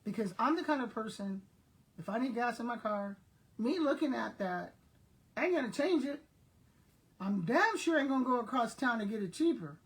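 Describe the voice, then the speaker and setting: A woman's voice: a little high, animated, moderate pace. Older lady from south texas just chatting to the camera, telling stories and talking right to her viewers, easygoing. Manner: chatty storyteller who talks straight to her viewers. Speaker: retired school principal vlogger. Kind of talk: casual chat.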